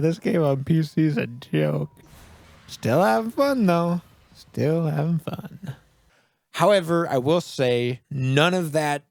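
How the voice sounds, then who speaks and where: Excitable swearing man gaming. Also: on the high side, no room sound, studio quality. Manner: excitable, swears and laughs often, yells at the game. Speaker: gaming video creator. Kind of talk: casual let's play commentary.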